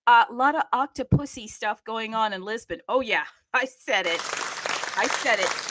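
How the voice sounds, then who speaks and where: A woman's voice: fairly high pitch, normal speed, over a noisy crowd, heavy background noise. A woman hosting a live audio chat in a bubbly, rambling, chatty way. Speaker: host.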